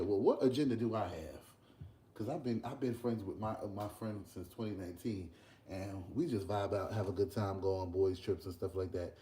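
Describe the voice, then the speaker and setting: A young man, chatting casually in a vlog while cooking breakfast at work, telling an animated story. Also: on the low side, brisk, a little hiss or hum. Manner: animated ranting storyteller, loose and conversational. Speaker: vlogger and podcast host. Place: workplace kitchen.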